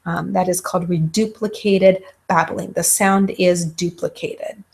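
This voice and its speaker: A woman's voice: mid-range voice, normal speed. Lady lecturer talking through a class, lots of um, acts out baby noises now and then. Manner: frequent ums, demonstrates baby sounds. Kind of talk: recorded university lecture.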